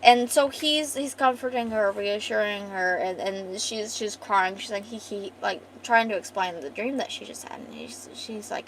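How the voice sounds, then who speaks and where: A woman's voice: medium pitch, normal speed, hardly any pauses, slight background noise. A woman streamer chatting casually with viewers while retelling and reading a comic aloud, full of fillers and restarts.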